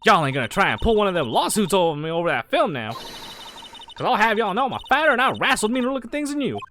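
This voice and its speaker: Brash Southern photographer gal, put-on drawl, folksy, loud, very lively pitch swings, game reading. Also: quick pace, slight background noise. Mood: defensive.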